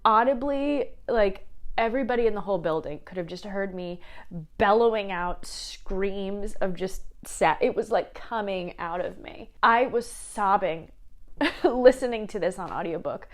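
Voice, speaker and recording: A woman's voice: mid-range voice, measured pace. Chatty emotional young woman. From small town, Midwest US. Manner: chatty, emotional, laughs and tears up while talking. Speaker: book vlogger. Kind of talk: casual chat.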